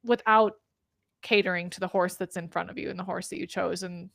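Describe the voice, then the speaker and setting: Woman host of an interview, thoughtful and halting, dry close sound. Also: fairly low pitch, steady tone, creaky, a bit bright, no echo. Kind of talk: interview chat.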